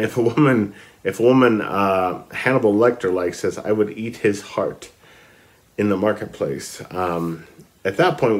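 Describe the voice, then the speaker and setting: Low-voiced man musing on literature. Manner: hesitant, many fillers, enthusiastic emphasis. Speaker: book vlogger. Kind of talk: casual talk about literature, reading passages aloud.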